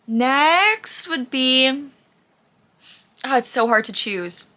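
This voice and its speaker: Speaking extremely slowly, a woman with a high, bright, forceful voice and lively intonation vlogs in a casual, chatty way. She sounds out of breath as she rambles and gushes about what she watches, often saying "like".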